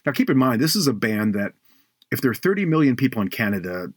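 Husky-voiced man telling a faith story. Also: mid-range voice, very animated, quick pace, no room sound, studio quality. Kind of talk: faith podcast conversation, storytelling.

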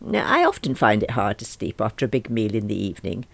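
A woman's voice: rumbling low, very animated, fast talker, vocal fry, no echo. A middle-aged woman narrating a comic diary novel in a wry, self-mocking manner. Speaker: audiobook narrator.

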